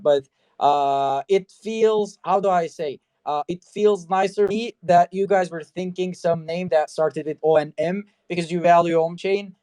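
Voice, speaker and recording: In a casual talk-show interview, a male host with a voice a little higher than most men's rambles loosely from thought to thought, leaning heavily on "you know" and "I mean." The sound is clean, close and dry, with no room around it.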